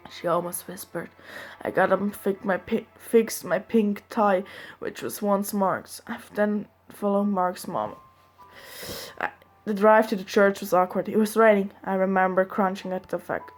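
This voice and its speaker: A woman reads fanfiction aloud in a casual, earnest manner. She keeps stopping for chatty asides to the listener. Faint music plays softly behind her. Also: medium pitch, steady tone, a little slow. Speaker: fanfiction reader.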